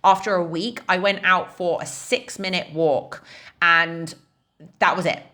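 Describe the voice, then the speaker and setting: A woman fitness coach in her thirties talks casually to her listeners, with a slightly low voice. She explains things step by step and keeps checking in with "right?" and "like". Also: steady tone, measured pace, pushed and bright. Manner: chatty, frequent "like" and "right?" fillers.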